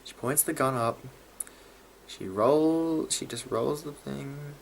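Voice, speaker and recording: A man giving a casual video review of a TV episode, excitable and often stumbling over his words. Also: medium pitch, slow pace, creaky, slight background noise. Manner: excitable, stumbling and restarting mid-sentence.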